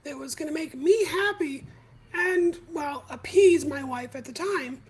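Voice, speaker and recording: A woman hosting a podcast live stream, telling her own story in a candid, confessional way with halting pauses. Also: high voice, poor audio. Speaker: podcast host.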